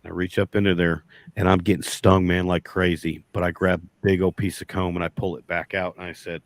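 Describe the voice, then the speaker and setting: A man's voice: deep voice, flat delivery, a little fast, no room sound. A man, a beekeeper guest telling a long folksy story in casual chat, rambling and restarting often.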